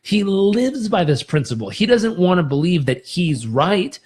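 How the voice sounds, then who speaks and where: A man's voice: high voice, sing-song, unhurried, darkish tone. A man hosting a motivational live stream, coaching listeners with energy and demonstrating breathing exercises aloud. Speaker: host.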